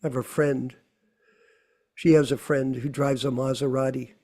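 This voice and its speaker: A man's voice: medium pitch, level tone, moderate pace, warm tone. A man hosting a devotional scripture class, preaching with scolding rhetorical questions.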